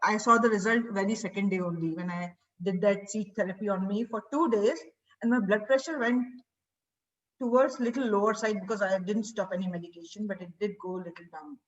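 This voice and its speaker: A woman's voice: mid-range voice, fairly quick. A woman, a healer telling her own story in a chatty way, with many fillers and restarts. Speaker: healer and seed therapy teacher. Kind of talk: personal storytelling. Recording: distant, dull lo-fi sound.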